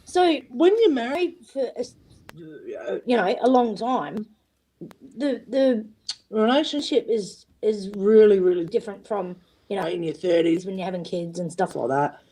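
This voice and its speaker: A woman in a casual online chat, blunt and animated and quick to swear. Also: medium pitch, rough recording.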